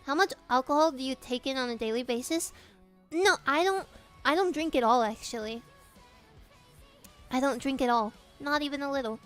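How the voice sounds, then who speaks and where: A woman's voice: sits high, moderate pace, long pauses, soft background music. A young woman streamer chatting casually with her viewers, giggling often, swearing freely and reading their questions aloud. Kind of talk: casual live-stream chat.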